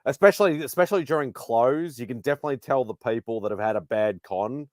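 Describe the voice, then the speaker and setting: Male panel guest, mid-low pitch, relaxed, dry recording. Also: fast talker, no room sound. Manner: laid-back, chuckling agreement. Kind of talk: casual chat.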